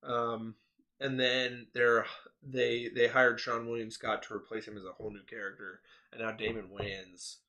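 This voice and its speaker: A young man co-hosts a loose, casual podcast chat. He tells stories with animated energy, laughs often and swears freely. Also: mid-range voice, moderate pace, muffled recording. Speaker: podcast co-host.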